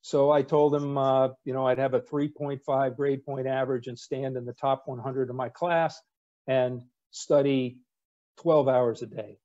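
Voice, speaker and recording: Mellow-voiced older man telling stories. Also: mid-range voice, a little slow, highs cut off. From United States. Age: 60s. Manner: wry, relaxed storyteller with fillers. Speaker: guest speaker, retired navy captain. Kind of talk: anecdotal storytelling talk.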